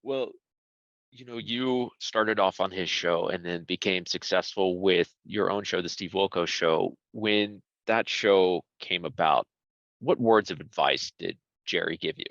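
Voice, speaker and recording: A man's voice: sits low, unhurried, gravelly, fairly bright tone, dry recording. A man interviewing a guest, asking conversational, leading questions. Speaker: entertainment news interviewer. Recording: dry, slightly dull sound.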